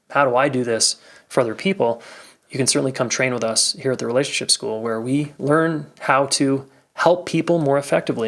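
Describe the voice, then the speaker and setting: A man's voice: mid-range voice, vocal fry. A man hosting a podcast, wrapping up the episode in a casual, enthusiastic talk straight to his listeners, coaching them and often checking in with "all right?". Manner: acts out warm validating phrases while speaking. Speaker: podcast host. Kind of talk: casual solo outro talking straight to listeners.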